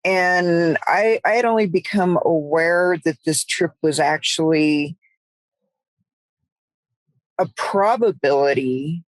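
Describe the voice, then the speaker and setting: A woman's voice: fairly low pitch, slow, pauses often, dry recording, rough recording. A woman with a Southern US accent co-hosting a podcast in casual chat, friendly and prone to restarting her sentences. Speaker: podcast co-host.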